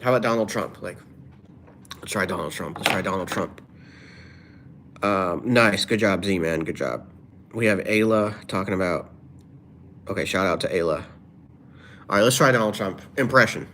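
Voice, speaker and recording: A man's voice: low voice, moderate pace, pauses often, a bit bright, a little hiss or hum. A man livestreaming, reading viewers' comments aloud and answering them in a rambling, offhand way. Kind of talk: casual livestream chat.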